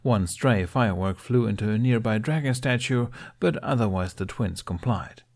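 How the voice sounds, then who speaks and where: A man narrating a fan fiction audiobook in a lively storytelling manner. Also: lowish voice, normal speed, hardly any pauses. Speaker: podfic reader.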